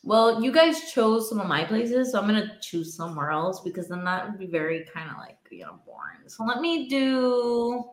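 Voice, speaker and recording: A young woman talks casually with friends, her slightly high voice swinging widely in pitch. She is chatty and laughs often, and the room around her is echoey. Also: expressive, normal speed, few pauses. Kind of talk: casual group chat.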